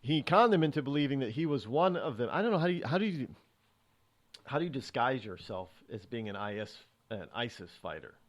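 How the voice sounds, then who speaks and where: A male talk show host with a mid-range voice who rambles through a news item, trips over his words and starts sentences over, stopping for side comments along the way. He sounds like someone thinking out loud, with no script. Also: mid-range voice, very animated. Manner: halting, many restarts and asides.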